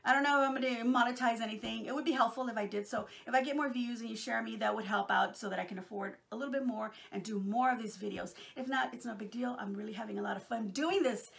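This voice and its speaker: Middle-aged Texan woman, crafting vlogger; chatty, affectionate, fry in the voice. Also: fairly high pitch, quick pace, few pauses, a bit bright. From Texas, USA. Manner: chatty and affectionate, rambling with many fillers. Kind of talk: casual chat to viewers.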